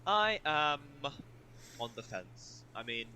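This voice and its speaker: A man's voice: fairly high pitch, very animated, takes it slowly, crowd noise. A man with a New Zealand accent co-hosting a casual podcast, rambling and swearing freely. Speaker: podcast co-host.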